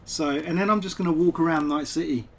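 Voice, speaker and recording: A man's voice: fairly high pitch, a little fast. A man talking casually and digressively while streaming a game from home, chatting to viewers as a poet. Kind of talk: casual live-stream chat over gameplay.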